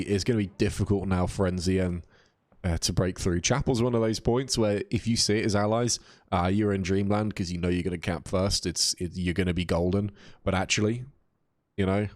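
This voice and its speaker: Deep-voiced male esports caster. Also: steady tone, fairly quick, no echo. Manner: casual, chatty, reads chat aloud. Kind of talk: live game commentary.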